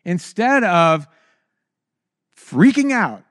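High-voiced, animated male preacher. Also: drawn-out words, dry recording, studio quality. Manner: animated, acts out anguished voices with sudden high cries; stammers and restarts when excited. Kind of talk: sermon.

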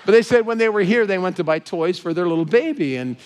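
An American pastor tells a personal story to his congregation, his voice sitting a touch higher than most men's. He is animated and expressive, and he gets more excited and pushes his voice up as the story builds. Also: fairly quick, clean tone. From Southern California. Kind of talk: sermon storytelling.

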